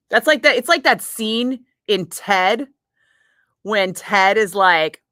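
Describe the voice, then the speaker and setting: A woman's voice: medium pitch, slow pace, long pauses, sharp tone, dry recording, studio quality. A woman radio host from Northern California chatting casually with her live chat, laughing often, swearing freely and rambling through asides. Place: radio studio.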